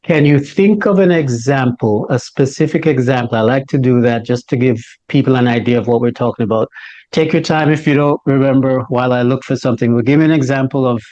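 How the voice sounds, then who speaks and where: A man's voice: medium pitch, fairly quick, a little mellow, highs cut off. A man interviewing a guest, giving brief acknowledgements and asking patient questions. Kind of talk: casual interview.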